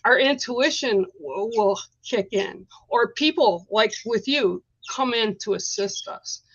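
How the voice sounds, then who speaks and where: A woman's voice: on the high side, takes it slowly, slightly rough. Chatty woman host on muffled stream audio. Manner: chatty, rambling, many fillers. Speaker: host of a spiritual live stream. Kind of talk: casual storytelling on a live stream.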